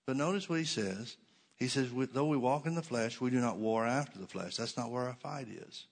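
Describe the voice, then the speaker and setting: A middle-aged man preaching a sermon as pastor, emphatic and sometimes sarcastic, slowing down to stress repeated words. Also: mid-range voice, vocal fry.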